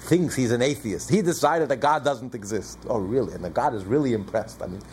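Man, rabbi lecturing, gravelly voice, faint background hiss, poses and answers his own questions. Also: medium pitch, brisk, darkish tone. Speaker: rabbi teaching a class. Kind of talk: Torah class lecture.

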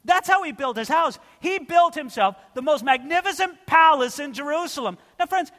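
A man's voice: very high-pitched, lively intonation, moderate pace, bright, forceful tone. A man preaching an expository sermon in a church, earnest and direct, often calling his listeners friends. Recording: long reverb of a large hall.

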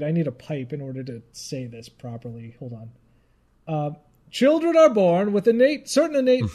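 A man's voice: sits high, warm tone. A man co-hosting a casual chat, rambling, laughing often and trailing off mid-thought. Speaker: podcast co-host.

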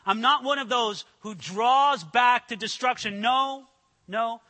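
A man preaching a sermon to a room of people, earnest and emphatic, slowing down to stress scripture quotes. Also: very high-pitched, pushed and bright, in a large hall. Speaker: pastor. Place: church hall with an audience.

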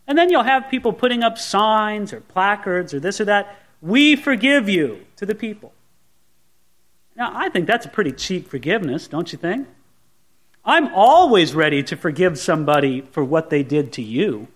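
A man's voice: sits high, animated, normal speed. A man preaching a sermon as pastor, retelling the scene dramatically and acting out the people in it. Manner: dramatic, acts out the scene in voices.

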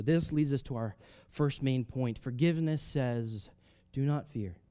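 A man preaching a sermon, reading scripture aloud and explaining it in a conversational way, swinging between loud emphatic rises and soft drops. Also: mid-range voice, a little slow, hardly any pauses, clear, resonant tone. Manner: reads scripture aloud, then explains it casually with fillers.

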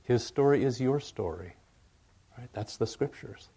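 An older male pastor giving a folksy, rambling sermon, often checking in with the congregation with a quick "right?". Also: mid-range voice, animated, vocal fry, dark tone, breathy edge. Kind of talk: conversational sermon.

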